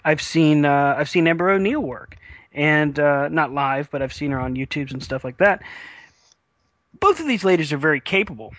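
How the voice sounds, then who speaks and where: Man, podcast co-host, rambling casual chat, higher voice, dry room, hiccups. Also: animated, normal speed, a bit bright, no room sound. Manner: rambling, frequent fillers and restarts. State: has the hiccups.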